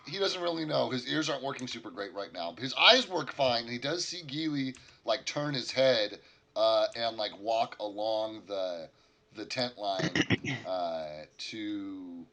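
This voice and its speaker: Game master man, easygoing narration, crisp bright tone, mid pitch. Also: animated, measured pace. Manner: casual, loose, many fillers.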